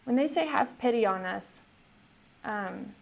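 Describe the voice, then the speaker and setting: A woman's voice: medium pitch, expressive, measured pace, creaky. A woman pastor giving a conversational sermon, often asking the congregation questions.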